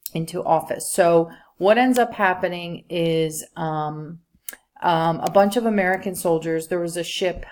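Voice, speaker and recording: A woman's voice: fairly low pitch, darkish tone. A woman teaching a recorded history lecture over slides, chatty and casual, with many fillers and asides to her students.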